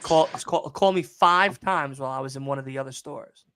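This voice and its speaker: A man's voice: medium pitch, brisk, fairly bright tone, slight background noise. A man on a podcast telling a long work story in a casual, profane and exasperated rant. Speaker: podcast co-host.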